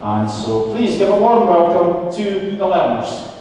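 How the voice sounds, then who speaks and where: A man's voice: sits high, very animated, a little slow, over a noisy crowd. A Scottish man compering a band concert with chatty stories and self-deprecating jokes. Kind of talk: stage patter introducing band items. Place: large concert hall with audience. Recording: echoey hall from far off, audible hiss.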